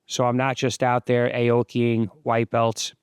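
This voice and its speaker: A man in his fifties, host of his own channel, giving relaxed, explanatory voice-over commentary on sparring footage. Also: mid-range voice, measured pace, smooth, no room sound, studio quality. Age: 50s.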